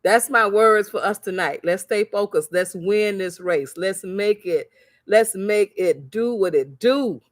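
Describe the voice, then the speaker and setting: In a studio-quality recording free of room sound, a medium-pitched woman talks a little slowly. She's a crafts seller and vlogger hosting a motivational livestream, where she tells lively stories, mimics the voices of their characters, and repeats lines preacher-style for emphasis.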